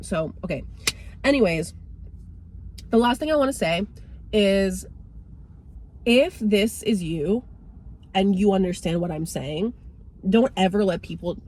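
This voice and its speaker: A woman's voice: mid-range voice, slightly rough. Chatty young woman vlogging to camera. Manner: chatty, frank, repeats "like" and "right?". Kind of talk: casual motivational talk to camera.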